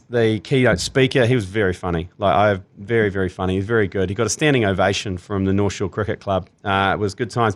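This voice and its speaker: A man with a New Zealand accent hosting a sports podcast, telling jokey stories in casual chat. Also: medium pitch. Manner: animated, laughing, jokey storytelling. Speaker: podcast host.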